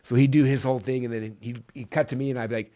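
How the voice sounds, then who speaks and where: Man, podcast host, quick delivery, casual storytelling, enthusiastic, lots of fillers. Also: mid-range voice. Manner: energetic, enthusiastic, many fillers like "like" and "right".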